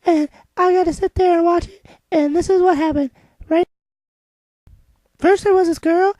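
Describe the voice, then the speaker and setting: A woman playing an excitable, naive young child who rambles breathlessly in a comedic vlog. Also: very high-pitched, moderate pace, no echo, voice pushed up. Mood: chirpy. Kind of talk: comedic kid-character vlog.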